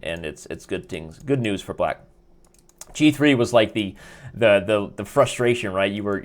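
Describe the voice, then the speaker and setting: A man reviewing chess games on a live stream, chatty and jokey, rambling with restarts and asides from his desk. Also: fairly low pitch. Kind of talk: casual live game review. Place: indoors at a desk.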